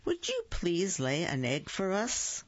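Storybook young chicken, polite and eager, read by a woman; slow, dull lo-fi sound. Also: lowish voice, wildly swooping pitch, slightly rough, no echo, exaggerated voice. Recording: dull lo-fi dry recording.

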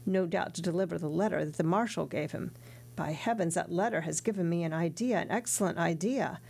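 A woman's voice: fairly low pitch, brisk, vocal fry, darkish tone. A woman voicing a scheming male shipmate who mutters sly asides.

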